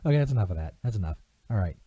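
A man's voice: fairly low pitch, sing-song, quick pace, warm tone, husky, no echo. A man hosting a live comedy radio show, laughing and exasperated as he swears casually. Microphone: studio microphone.

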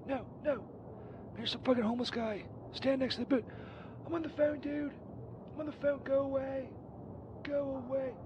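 Man playing a squeaky-high foul-mouthed caller in a busted phone booth, muffled lo-fi line, faint hiss behind. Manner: profane, rambling, exasperated phone call. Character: frantic crude man calling from a wrecked phone booth. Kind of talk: comedy phone-call bit.

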